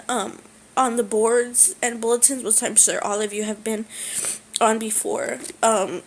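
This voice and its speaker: A young woman speaking in a halting personal vlog, with many pauses and fillers, close to tears. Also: a little high, a little hiss or hum, low-quality recording. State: tearful. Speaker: vlogger.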